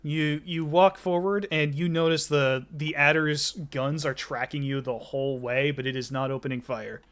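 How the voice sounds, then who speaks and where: A man narrating as game master of a tabletop game, relaxed, with many fillers and restarts. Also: on the high side, normal speed.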